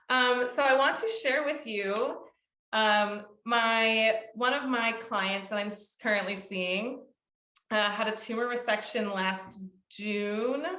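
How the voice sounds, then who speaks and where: A woman's voice: medium pitch, pushed and bright. A young woman music therapist presenting to a support group, explaining with frequent ums and short sung demonstrations. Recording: echoey room.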